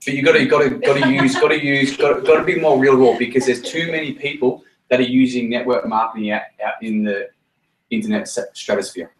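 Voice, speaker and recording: A man's voice: mid-range voice, quick pace, a little hiss or hum. A man leading a team meeting, talking bluntly and repeating himself, with plenty of swearing. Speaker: team leader running a meeting. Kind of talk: blunt motivational talk. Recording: roomy sound from a distance.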